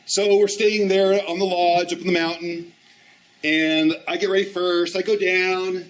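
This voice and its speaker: A man's voice: high-pitched, level tone, unhurried, recorded from a distance, rough recording. A man in his fifties giving a training talk, telling a story animatedly and acting out the dialogue. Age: 50s. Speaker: ski instructor trainer. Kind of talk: storytelling presentation.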